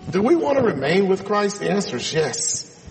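A man's voice: sits high, very animated, normal speed, big-room sound, noisy background. A man preaching a sermon, reading scripture aloud and explaining it, calling his listeners friends.

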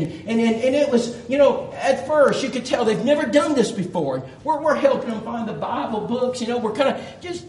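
A man preaching, telling a folksy story and voicing the people in it. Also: extremely high pitch. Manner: folksy, animated storyteller voicing quoted dialogue. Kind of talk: storytelling sermon. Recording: echoey room with faint background noise.

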